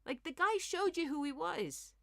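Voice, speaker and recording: A woman comedian hosting a comic news commentary, talking in an animated, sarcastic, ranting way with quick asides. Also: extremely high pitch, gravelly, dry recording, studio quality. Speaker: comedian host.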